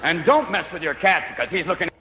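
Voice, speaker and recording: Here a comedian races through a frantic stand-up set, hopping between different voices. He talks fast in a high, expressive voice while the echoey stage recording picks up loud laughter and crowd noise.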